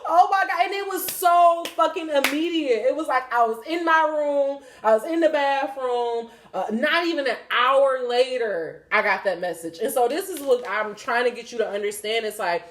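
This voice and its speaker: A young female podcast host with a fairly high voice speaks at normal speed with few pauses, discussing spiritual signs candidly. She rambles, swears and uses many fillers, and the echoey recording has a slight hiss or hum.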